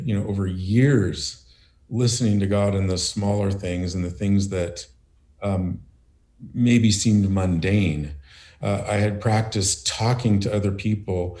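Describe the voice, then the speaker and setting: A man with a lowish, warm voice telling a personal story from work. He talks in a measured way, pausing on "uh" and "um" as he goes. The tone is calm and unhurried throughout. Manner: measured, hesitant with many "uh"s. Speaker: business owner.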